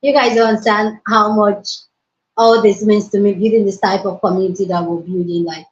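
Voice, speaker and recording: A woman hosting a casual livestream from her mobile phone, hyper, excitable and loud as she greets her viewers. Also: mid-range voice, brisk. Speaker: livestream host. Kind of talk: casual live-stream chat. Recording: roomy, dull lo-fi phone audio.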